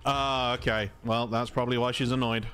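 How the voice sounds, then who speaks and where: A man from England with an English accent, calmly talking through a video game in casual commentary, polite and chatty. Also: medium pitch, brisk, soft background music. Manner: calm, conversational, polite even when insulted. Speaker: gaming video host.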